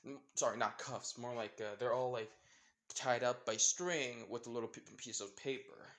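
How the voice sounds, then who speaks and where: A young man spins a fan fiction story off the top of his head, his voice sitting at an ordinary middle pitch. He rambles and trips over his words, fixing himself mid-sentence and leaning on filler words as he goes. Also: normal speed, a bit bright. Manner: rambling, full of fillers and self-corrections. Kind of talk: improvised fanfiction storytelling.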